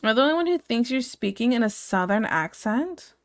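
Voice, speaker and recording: A woman's voice: a little high, very animated, fairly quick, no echo, clean studio sound. A woman from Ohio streaming while she draws, chatting casually and rambling as she answers her live chat and gets sidetracked.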